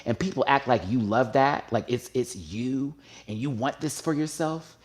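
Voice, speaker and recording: A man's voice: moderate pace, noisy background. A man hosting his own show, talking openly and emotionally to his viewers, hesitant at first and then rising with feeling. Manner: emotional, confessional, hesitant with restarts; gets louder and higher when stirred. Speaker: YouTube show host. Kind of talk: candid personal talk to viewers.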